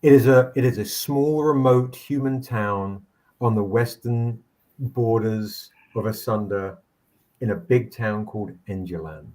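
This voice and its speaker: A man's voice: on the low side, warm tone. A man narrating as game master in a tabletop game, rambling with frequent restarts. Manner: rambling, halting, many restarts.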